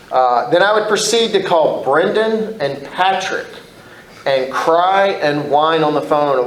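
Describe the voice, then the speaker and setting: A man's voice: on the high side, lively intonation, normal speed, reverberant, a little hiss or hum, poor audio. A man telling his own recovery story to a group, candid and blunt, swearing freely, rambling with restarts.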